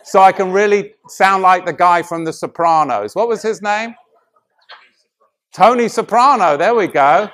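A middle-aged male preacher whose slightly high voice climbs into loud, urgent emphasis and then sinks to a near-hush. His delivery moves freely between forceful declaration and quiet, confiding address. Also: lively intonation, moderate pace. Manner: swings from loud emphatic preaching to hushed, intimate tones. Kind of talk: sermon.

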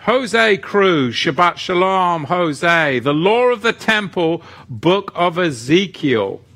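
A man's voice: high-pitched, very animated, slow pace, pushed and bright. A man teaching a live-streamed lesson who reads the chat and greets viewers by name, with playful asides. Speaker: livestream teacher.

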